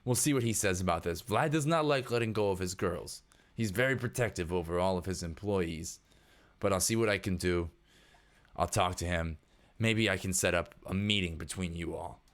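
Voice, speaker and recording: A man doing a foul-mouthed, gruff casino manager. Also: low voice, moderate pace. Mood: placating. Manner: profane, brusque.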